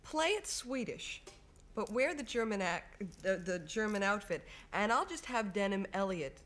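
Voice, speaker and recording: A young American woman, a film actress, chatting as a guest on a studio talk show, telling animated stories with frequent laughs. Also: mid-range voice, normal speed. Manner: giggly, animated storytelling. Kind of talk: studio chat show interview. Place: television studio.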